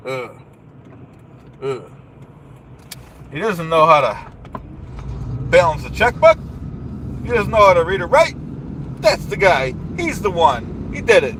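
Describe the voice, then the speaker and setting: A man's voice: fairly high pitch, very animated, slow, long pauses, a bit bright. A man doing a comedic in-character rant as a livestreamer, bombastic, boastful and repetitive, recorded in a car. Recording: noisy car interior.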